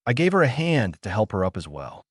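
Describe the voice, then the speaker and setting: A man reading a first-person fanfiction story aloud in a flat, even narrating voice. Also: lowish voice, brisk, husky, no echo, studio quality.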